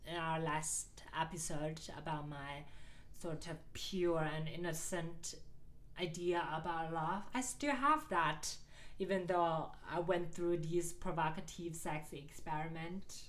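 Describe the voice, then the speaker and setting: A woman's voice: fairly low pitch, slow pace. A woman co-hosting a comedy podcast, talking in an earnest, mock-sincere way. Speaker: podcast co-host. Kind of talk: comedic banter.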